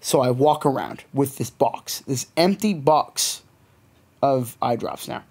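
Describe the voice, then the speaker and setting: A young Canadian man spins a story on a podcast, swearing freely. He is animated and acts out the other people in his tale. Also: mid-range voice, slow. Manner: profane, animated storytelling with quoted voices. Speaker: podcast co-host. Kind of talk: casual storytelling chat.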